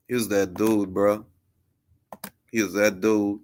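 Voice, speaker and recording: A man's voice: on the low side, little pitch movement, slow pace, long pauses, darkish tone. A man hosting a casual boxing podcast, telling stories in slangy English with Spanish phrases thrown in. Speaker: podcast host. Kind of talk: casual panel chat.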